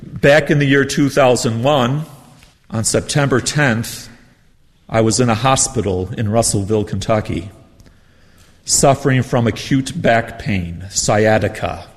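A man's voice: medium pitch, measured pace, in a large hall. A man who is a priest leading a retreat, preaching in a conversational, self-deprecating way with personal anecdotes. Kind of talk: storytelling sermon.

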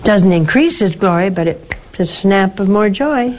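An older woman, a nun who hosts a call-in show, speaks in a slow, deliberate way. Her counsel is earnest and motherly, gently pressing her point again and again. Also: mid-range voice, lively intonation, slight background noise, poor audio.

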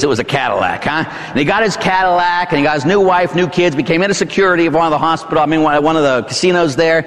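A middle-aged Catholic priest with a Pittsburgh accent, preaching a sermon in a church in a conversational way, often tagging lines with "huh?" and "right?". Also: male voice, a little high, a bit bright, long reverb tail. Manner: conversational preaching with rhetorical tag questions.

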